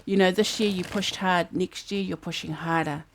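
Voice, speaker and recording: New woman, tarot reader, lowish voice, chatty and rambling, thinks out loud to her viewers. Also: steady tone, normal speed. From New Zealand. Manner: chatty, musing aloud, breaks into snatches of song. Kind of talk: casual tarot reading to camera. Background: fan humming in the background.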